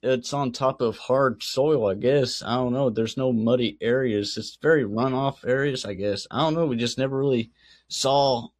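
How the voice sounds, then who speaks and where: A man with a middle-pitched voice chats as an interview guest. He hedges his points and trails off often. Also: normal speed. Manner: hesitant, hedging. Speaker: guest, son. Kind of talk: casual interview chat.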